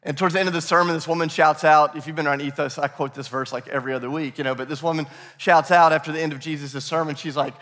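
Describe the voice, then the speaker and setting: A man preaching a sermon as pastor, energetic, repeating key phrases and prompting the congregation to call out answers. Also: on the high side, quick pace, few pauses. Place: church sanctuary. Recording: echoey hall reverb.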